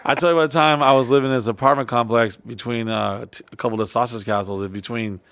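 A man's voice: mid-range voice, steady tone, fast talker, fairly bright tone, no room sound. A man hosting a podcast, telling rambling stories in casual, profane chat. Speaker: podcast host.

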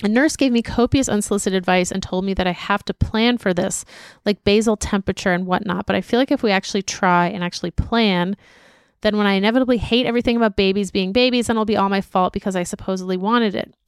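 A woman's voice: medium pitch, quick pace, clean tone, no echo, clean studio sound. A woman co-hosting a casual podcast, reading listener emails aloud with chatty asides. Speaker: podcast co-host.

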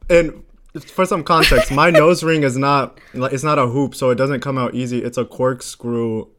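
A man's voice: medium pitch, normal speed. Young man telling a story, laughing. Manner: animated storyteller, acts out quotes, laughs often. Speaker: podcast co-host. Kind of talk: casual chat.

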